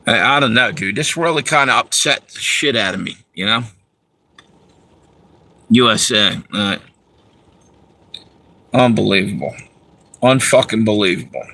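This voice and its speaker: Profane ranting man with a bright voice. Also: lowish voice, moderate pace, rough recording. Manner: profane, heated, talks to viewers. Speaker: livestream host reading chat. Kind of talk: angry ranting livestream.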